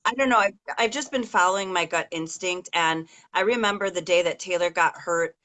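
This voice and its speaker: Middle-aged woman, lower register, chatty and emotional, loose and full of fillers. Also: a little fast, a bit bright. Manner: rambling, emotional storytelling with many fillers. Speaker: interviewer, mother of an injured daughter. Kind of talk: casual video-call interview.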